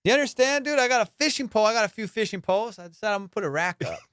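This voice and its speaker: A young adult man hosting a comedy podcast, telling stories in profane, excitable casual banter. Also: sits high, rapid-fire, smooth, no echo, clean studio sound. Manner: profane, excitable storytelling with frequent laughs.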